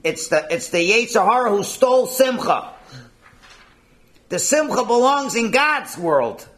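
Man teaching torah, lively up and down voice, casual and chatty, lots of questions. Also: extremely high pitch, unhurried. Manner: animated, conversational, rhetorical questions. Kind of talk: informal lesson.

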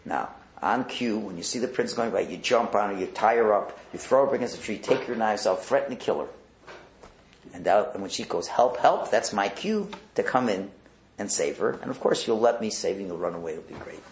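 A man voicing a smitten young prince who plots a fake rescue, giving low, conspiratorial orders. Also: expressive, fairly quick, slight background noise, natural voice. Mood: scheming. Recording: roomy echo.

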